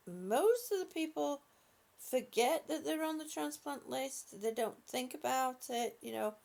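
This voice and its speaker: A woman hosting a live stream, speaking softly and affectionately to her viewers with halting, repeated words. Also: sits high, creaky. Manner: soft, affectionate, calls viewers honey and sweetie. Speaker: livestream host reading viewer comments. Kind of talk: slow casual live chat.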